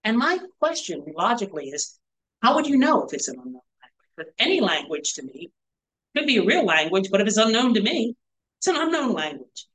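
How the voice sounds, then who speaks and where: A man's voice: high voice, big pitch swings, brisk, a bit bright, rough recording. A male pastor giving a conversational sermon to a small church group, full of rhetorical questions and asides. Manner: rhetorical questions, frequent "right?" and "you know". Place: church gathering.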